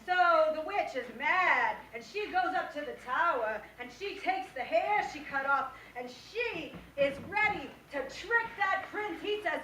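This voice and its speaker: High-voiced woman telling a wry comic story. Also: unhurried, hardly any pauses, a little hiss or hum. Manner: wry, deadpan asides with chuckles. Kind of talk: live comic retelling of a musical. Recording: echoey room, far from the mic.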